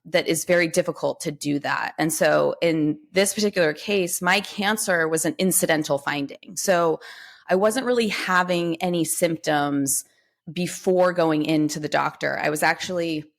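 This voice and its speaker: Woman guest, 30s, lowish voice, lively storyteller voicing quoted dialogue. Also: moderate pace, creaky. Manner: animated, acts out quoted dialogue with lifted pitch. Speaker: podcast guest. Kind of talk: conversational storytelling.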